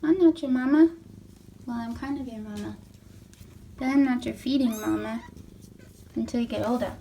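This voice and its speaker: A young woman with a high voice chats in a warm, casual way as she fusses over a mother cat and her kittens at home. She switches between sweet baby talk for the cats and easy asides for her viewers. A faint hiss of room noise and soft purring sit behind her. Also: moderate pace, vocal fry. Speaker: pet vlogger. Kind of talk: casual narration while handling kittens. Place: at home beside a cat bed.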